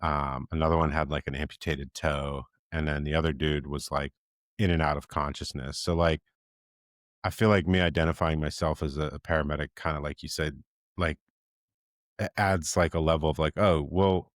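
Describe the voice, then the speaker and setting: A man's voice: rumbling low, fairly even intonation, moderate pace, no echo, clean studio sound. A man co-hosting a podcast who is a paramedic, talking in a laid-back, joking way with lots of fillers. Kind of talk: casual chat.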